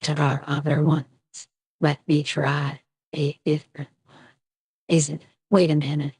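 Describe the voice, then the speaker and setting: A streamer talking through an AI voice changer that turns the voice into a low, husky woman's voice, chatting wryly during a live stream. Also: little pitch movement, unhurried, a little mellow, no echo.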